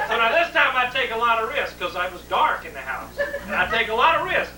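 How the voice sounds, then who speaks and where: A man's voice: very high-pitched, lively intonation, fast talker, hardly any pauses. A middle-aged man, telling a family story in a colorful, folksy way and laughing as he goes. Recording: roomy, distant home video with faint noise.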